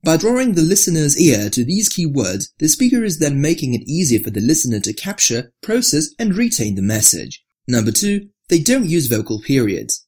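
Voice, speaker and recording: Narrator for an article read-through: husky tone, lively pitch, scripted delivery. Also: normal speed, few pauses. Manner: reads with marked rises and drops, lower for attributions.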